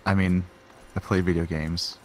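A man streaming a video game, chatting casually with dry, deadpan jokes. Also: low-pitched, moderate pace. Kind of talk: casual gaming chat.

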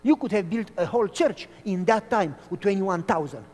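A man from Romania preaching a sermon as a pastor, telling stories in an animated way. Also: high voice, moderate pace. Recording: long hall reverb.

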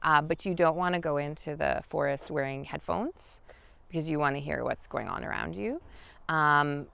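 A woman guiding an outdoor lesson in the forest, talking in a relaxed, chatty way with many fillers. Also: low voice, moderate pace, gravelly, clear, resonant tone, no room sound. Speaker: wild food guide. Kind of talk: outdoor teaching talk.

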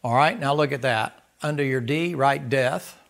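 A man preaching a sermon in a folksy, animated way, acting out little dialogues. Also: mid-range voice, normal speed, gravelly.

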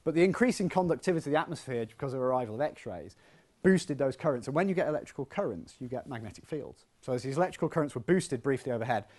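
A man, a physics professor, giving a lively and conversational public science lecture in a hall, with self-deprecating asides. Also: mid-range voice, fast talker.

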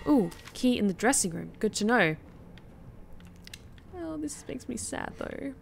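A woman's voice: medium pitch, expressive, measured pace, vocal fry, soft background music. A woman streamer casually commenting while she plays a horror game, musing and theorizing aloud. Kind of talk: casual let's-play commentary.

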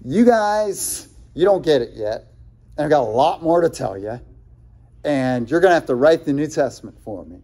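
A man's voice: on the high side, lively intonation, moderate pace, warm tone. A man voicing Jesus, who speaks casually and reassuringly to his disciples.

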